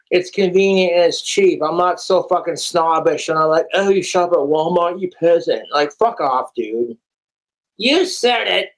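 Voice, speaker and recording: A man's voice: sits high, vocal fry, a bit bright. A man doing a crude, profane comic skit, arguing with himself in two quoted voices.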